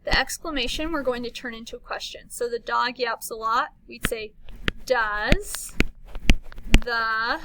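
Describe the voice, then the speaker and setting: A woman teacher leading a slow read-along lesson for young children, modeling each sentence clearly and turning lively on exclamations. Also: fairly high pitch, background noise.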